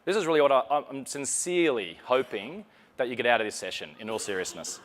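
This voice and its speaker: A man's voice: medium pitch, sing-song, fast. A man from Australia with an Australian accent, giving a chatty, joking, self-deprecating live conference talk on stage. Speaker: conference presenter. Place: conference session room.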